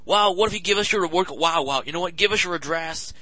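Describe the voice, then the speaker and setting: A man plays a pushy game shop clerk with a bright, slightly raised voice. The clerk fires off insistent sales patter at speed. The recording is dry and close. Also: high voice, quick pace, dry recording, poor audio.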